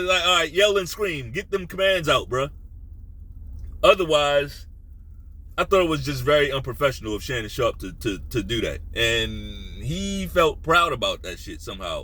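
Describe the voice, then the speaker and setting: A man hosting a sports talk video, ranting bluntly and profanely, sometimes dropping to a low menacing voice. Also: pushed and bright, rough recording. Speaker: sports commentary host. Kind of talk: casual opinion rant.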